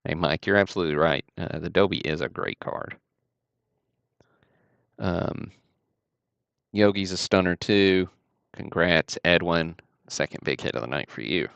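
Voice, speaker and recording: A man's voice: low voice, unhurried, gravelly, long pauses, fairly bright tone, no room sound, muffled recording. A man from Alabama, casually hosting a card-break livestream with easygoing, chatty commentary.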